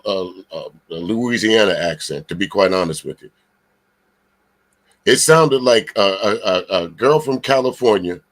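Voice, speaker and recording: In a casual reaction video, a man from Charleston, South Carolina, bluntly and emphatically answers a clip with plenty of swearing. His voice is mid-range, and drawn-out fillers keep tripping him up between points.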